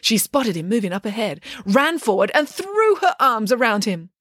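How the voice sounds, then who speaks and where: Brief: wry playful storybook reader, lively tune, dry close mic, woman. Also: on the high side, moderate pace, dry recording. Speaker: audiobook narrator. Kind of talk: scripted storybook narration.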